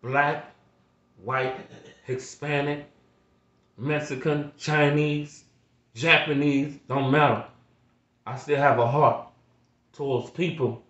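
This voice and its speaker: Slow, emotional middle-aged man. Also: a little high, steady tone, a bit bright, reverberant, muffled recording. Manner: slow, repetitive, preacher-like appeals. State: emotional, near tears. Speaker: vlogger. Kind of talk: emotional heartfelt monologue.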